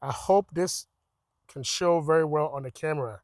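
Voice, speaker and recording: A man's voice: on the high side, moderate pace, no room sound, clean studio sound. Rambling man showing off his truck. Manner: rambling, repeats words and restarts, excited about mods. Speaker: truck vlogger. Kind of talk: casual walkaround commentary. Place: outdoors beside a pickup truck.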